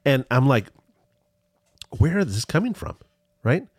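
A man's voice: mid-range voice, unhurried, breathy edge, no echo. A man telling a long, rambling story in a casual chat, his voice rising and falling a lot. He restarts his sentences often, and the sound is close and dry. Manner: rambling, animated, with many restarts.

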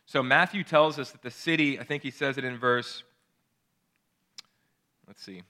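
A man in his late thirties preaching a sermon, earnest and excitable, often restarting his phrases. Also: mid-range voice, normal speed. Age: late 30s. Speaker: pastor.

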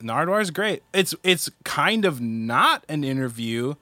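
A man co-hosting a casual podcast, animated and teasing, sprinkling in dude and bro. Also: on the high side, measured pace, no echo. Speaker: podcast co-host and band member. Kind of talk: casual chat.

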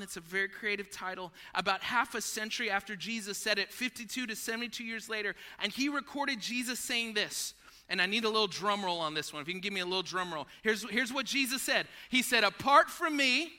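High bright-voiced animated male pastor. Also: a little fast. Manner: animated storytelling, acts out movie scenes; conversational preaching, addresses listeners as friends. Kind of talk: sermon.

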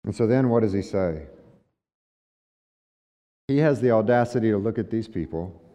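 A man's voice: on the low side, animated, moderate pace, mellow. A male pastor delivering a sermon in a conversational way, asking the congregation rhetorical questions. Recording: dull lo-fi sound with long hall reverb.

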